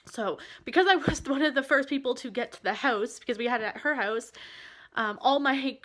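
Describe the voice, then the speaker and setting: A woman vlogger telling a personal story in a candid, halting and emotional way. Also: a little high, fairly bright tone.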